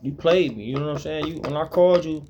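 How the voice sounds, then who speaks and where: High-pitched man, confrontational profane monologue, repetitive challenging delivery. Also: quick pace, mellow, slight background noise. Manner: confrontational, repeats questions, heavy swearing.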